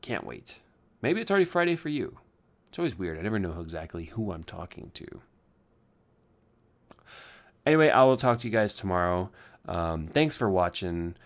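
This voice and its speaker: A young man speaks in a very low voice, talking loosely through a daily vlog from home. He sounds worn out and low on energy. He rambles and jokes at his own expense. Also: big pitch swings, normal speed, pauses often. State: tired. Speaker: vlogger.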